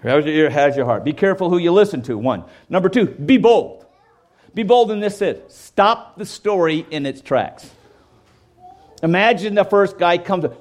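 A man's voice: sits high, expressive, moderate pace. A man preaching a sermon in a conversational way, often checking in with "okay?" and acting out quoted voices. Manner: acts out quoted voices and jokes. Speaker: pastor.

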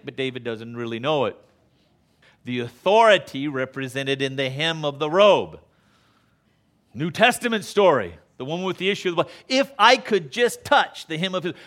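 A man's voice: a little high, a bit bright. A man preaching a sermon, teaching in a conversational way and asking the congregation questions. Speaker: pastor.

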